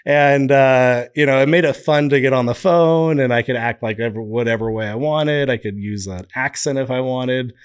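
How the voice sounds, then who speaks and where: Male guest, casual anecdote-teller with bursts of mimicry, average pitch. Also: moderate pace, hardly any pauses, clear, resonant tone. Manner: lively storyteller who slips into impressions. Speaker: podcast guest, business founder. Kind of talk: casual storytelling interview.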